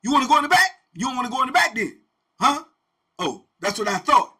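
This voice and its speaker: A loud, bullying prison warden, as a man puts him on, barking taunts in a high, bright, husky voice. He talks slick and screams down at the men. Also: big pitch swings, fast, exaggerated voice.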